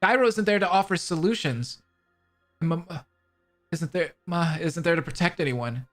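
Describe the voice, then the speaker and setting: An anxious young superhero intern stammers through his self-doubt in a fan voice drama, voiced by a man. His speech is shaky and halting. Soft music plays behind him. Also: fairly high pitch, close to an everyday voice. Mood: despairing.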